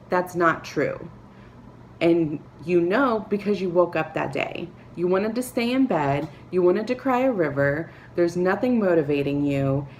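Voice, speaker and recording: A woman talking to camera, giving earnest, encouraging advice with soft laughs and filler words. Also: low-pitched, a little hiss or hum. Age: adult, a parent. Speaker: vlogger. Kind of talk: motivational talk to camera.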